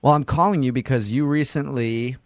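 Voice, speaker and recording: A man hosting a morning radio segment, brisk and teasing. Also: medium pitch, no echo. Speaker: radio host.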